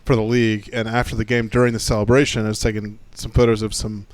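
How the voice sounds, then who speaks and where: A man's voice: on the low side, level tone, fast. A man hosting a podcast in a casual, joking, rambling way. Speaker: podcast host.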